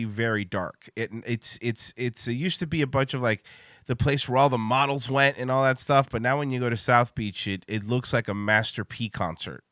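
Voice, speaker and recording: A man's voice: medium pitch, pushed and bright, no room sound, clean studio sound. A middle-aged man from Miami hosting a casual podcast, blunt and crude, rambling with restarts. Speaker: host.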